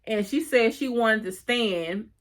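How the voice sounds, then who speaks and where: A woman's voice: on the high side, slow pace. A woman casually recapping and reviewing a TV episode, retelling the scenes by quoting the characters, with chatty fillers and restarts.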